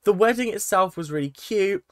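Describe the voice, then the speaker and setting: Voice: mid-range voice, normal speed, no room sound, studio quality. A reality TV reaction vlogger, casual and sarcastic, often repeating phrases in exasperation.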